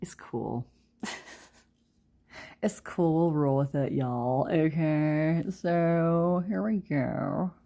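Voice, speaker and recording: A young woman talks through a tarot reading in a relaxed, chatty way and laughs often as she addresses her viewers. Her voice sits low in pitch and has a gravelly fry running through it. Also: takes it slowly, few pauses. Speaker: tarot reader. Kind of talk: casual pick-a-card tarot reading.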